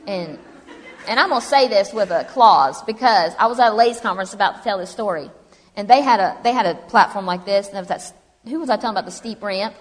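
A woman's voice: medium pitch, fast talker. A woman telling her personal story to an audience in a chatty, humorous way. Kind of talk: personal testimony to a live audience. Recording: long hall reverb.

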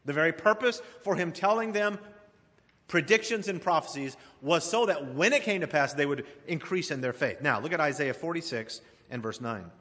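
Emphatic preacher in a reverberant hall. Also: male voice, a little high, moderate pace, fairly bright tone. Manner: emphatic, addresses congregation directly. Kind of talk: expository sermon with scripture reading. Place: church sanctuary. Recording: long reverb of a church hall.

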